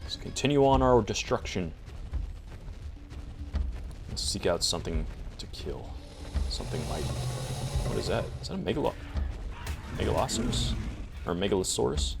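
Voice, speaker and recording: A man's voice: low voice, very animated, normal speed, creaky, long pauses. A man giving casual, chatty commentary while he plays a survival game, talking to himself as he goes. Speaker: gameplay video creator. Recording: music playing behind the voice.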